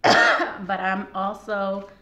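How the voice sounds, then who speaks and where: Very slow and flat in delivery, a woman's medium-pitched voice comes across pushed and bright as she does a casual tarot reading on camera with a sore throat. She chats to her viewers and laughs often, and the room echoes with faint noise behind her.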